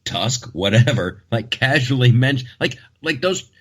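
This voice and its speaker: A man's voice: mid-range voice, expressive, measured pace. A man hosting a casual comedic talk show, rambling and joking with frequent restarts.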